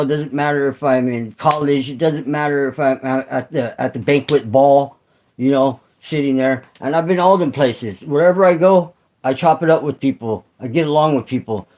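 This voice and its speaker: Man, middle-aged, casual livestream host, rambling, profane, lots of fillers, slightly high voice. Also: normal speed, darkish tone, a little hiss or hum, low-quality recording. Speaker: channel host. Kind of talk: casual livestream chat with viewers.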